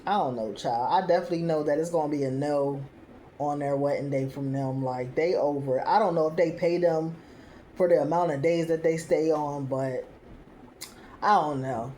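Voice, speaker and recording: Host woman, slightly low voice, casual sassy recap chat, animated quotes and slang. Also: moderate pace, a little hiss or hum. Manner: chatty, laughs often, acts out quoted lines; uses casual slang like "child" and "y'all".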